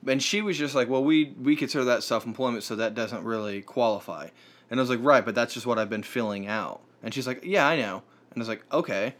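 A man's voice: medium pitch, quick pace, a bit bright. A man telling a long story in casual chat, rambling with fillers and restarts.

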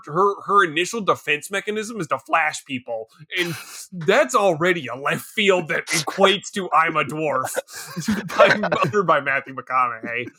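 A man co-hosting a podcast in casual chat, animated and laughing often as he trips over his words. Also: on the high side, breathy edge. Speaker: podcast co-host.

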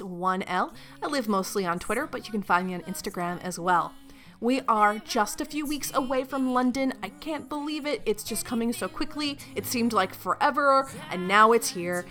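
Podcast host, woman, playful and teasing, bright tone. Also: fairly high pitch. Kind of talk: casual interview chat.

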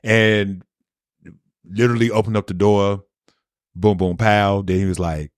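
A man co-hosting a podcast, telling animated anecdotes in a casual, profane way. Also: lowish voice, a little slow, pauses often, no room sound, clean studio sound. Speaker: podcast co-host. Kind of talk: casual chat.

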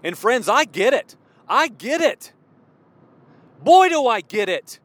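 A man in his forties preaching a fervent, worked-up sermon, at times yelling. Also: very high voice, big pitch swings, slow pace, no echo. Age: 40s. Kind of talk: impassioned sermon.

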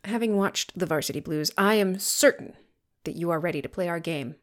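A woman's voice: fairly low pitch, fairly quick. A woman co-hosting a podcast, chatting casually with sarcastic, self-mocking jokes. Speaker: podcast co-host. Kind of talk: casual chat.

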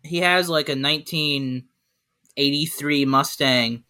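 A man's voice: a little high, slow pace, pushed and bright. A man co-hosting a podcast, telling loose, rambling anecdotes packed with "like" in a casual chat. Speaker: podcast co-host.

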